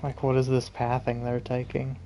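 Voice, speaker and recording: A man chats through a game stream in an even, monotone voice, grumbling about bad luck and tricky opponents. His tone is mellow and a little tired, with a faint hum behind him. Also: medium pitch, moderate pace. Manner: chatty, complaining about the game. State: tired, yawning. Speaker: gaming streamer. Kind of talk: casual gameplay commentary.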